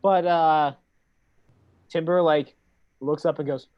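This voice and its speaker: A playful, excitable player in a tabletop game, talking casually about what their character does. The sound is a little dull and lo-fi. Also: medium pitch, slow pace.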